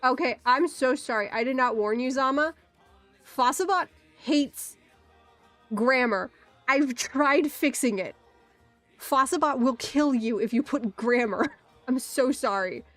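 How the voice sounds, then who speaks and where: A woman with a fairly high voice chats with her stream audience in a loose, rambling way, tossing out giggles and bursts of excitement. The sound is close and dry, with soft music playing underneath. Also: no room sound. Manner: chatty, giggly, quick asides and playful exclamations. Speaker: livestreamer chatting with viewers. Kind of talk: casual rambling stream chat.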